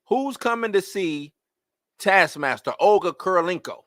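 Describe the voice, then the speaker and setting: Live-stream host, man, bright high voice, exasperated rhetorical rant, dry close sound. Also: unhurried, no echo. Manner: animated, rhetorical questions, exasperated. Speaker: host of a live movie-news show. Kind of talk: casual live-stream commentary.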